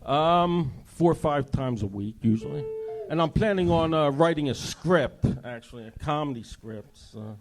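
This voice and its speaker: Soft-spoken hesitant young comedian. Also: male voice, on the high side, animated, normal speed, hardly any pauses, music in the background. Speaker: open mic comedian. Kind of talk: hesitant interview answers.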